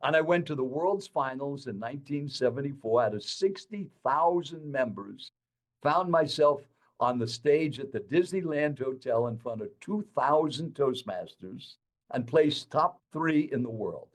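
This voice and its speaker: A man in his eighties telling his life story to an interviewer in an animated, dramatic way. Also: medium pitch, measured pace. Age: 80s. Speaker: guest speaker.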